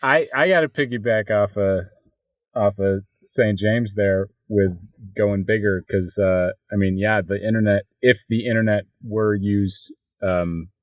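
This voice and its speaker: A man's voice: fairly low pitch, a little slow, dry recording, far from the mic. A man in an improvised comedy podcast, rambling and hesitant.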